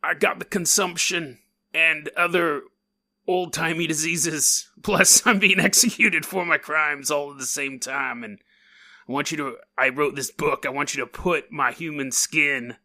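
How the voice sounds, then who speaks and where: A man voicing a dying male highwayman from the 1800s in an old-fashioned put-on drawl. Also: unhurried, sharp tone. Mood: old-timey plea.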